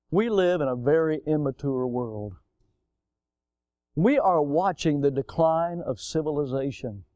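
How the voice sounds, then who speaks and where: A man's voice: a little high, mellow, no room sound, clean studio sound. An older man preaching a sermon in a folksy, emphatic way, mixing stories with pointed rhetorical questions. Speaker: pastor.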